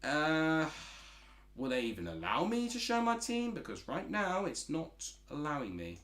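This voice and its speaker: A man's voice: on the high side, wildly swooping pitch, a little slow, a bit bright, echoey room. A man from Essex with an Essex accent, chatting casually as a streamer while watching football and reading out chat messages. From Essex, England.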